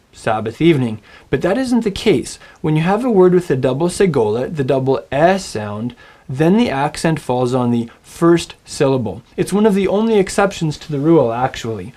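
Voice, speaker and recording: A man teaching a recorded Hebrew lesson, friendly and encouraging, saying words slowly and getting the listener to repeat them. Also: medium pitch, animated, mellow. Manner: friendly, encouraging, models pronunciation aloud.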